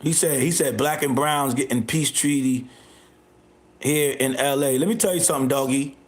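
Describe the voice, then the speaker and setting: A man hosting a livestream, ranting at his chat in a loud, confrontational, repetitive way. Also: mid-range voice, normal speed, roomy sound. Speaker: livestream host. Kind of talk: live stream rant reacting to chat.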